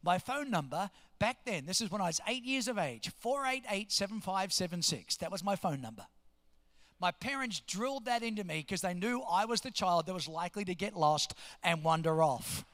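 A pastor in his fifties, telling a story from the pulpit and acting out every voice in it. His voice sits very high and rings bright and forceful. The sound carries a long reverb from a large church hall. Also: normal speed. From New Jersey, US. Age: 50s. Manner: animated storyteller, acts out quotes. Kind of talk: storytelling sermon.

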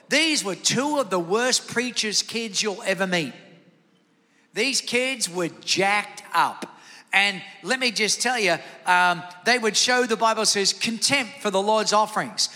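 A man preaching a sermon as pastor, energetic, calling out to the congregation for responses in a church sanctuary. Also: high voice, big-room sound.

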